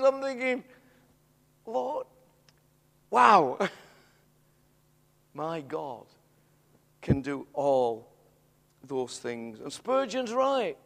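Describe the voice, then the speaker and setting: A middle-aged man preaching a sermon, telling a story in an animated way that swells into excited shouts. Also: very high-pitched. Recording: long hall reverb.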